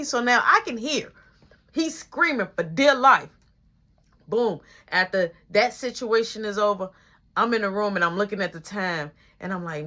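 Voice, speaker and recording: A woman telling a story in an animated, slangy way, acting out all the voices. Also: medium pitch, normal speed. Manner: animated, slangy, acts out every voice. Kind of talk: casual storytelling.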